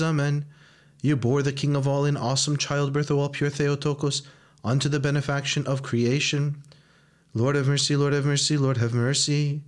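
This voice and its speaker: Smooth-voiced man chanting prayers. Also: medium pitch. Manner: solemn chanted recitation. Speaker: reader of prayers. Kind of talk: liturgical chanting.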